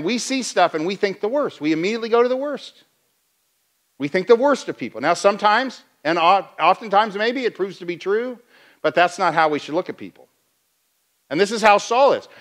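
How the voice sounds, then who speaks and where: Male pastor, high-pitched, conversational sermon style, lively with frequent restarts. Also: fairly quick. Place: church.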